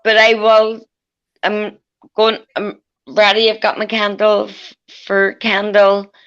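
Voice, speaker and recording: A woman with a Northern Irish accent, chatting casually as a panel guest in a rambling, warm way that includes casual swearing. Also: mid-range voice, completely flat delivery, slow pace, clear, resonant tone, dull audio. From Northern Ireland. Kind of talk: casual chat.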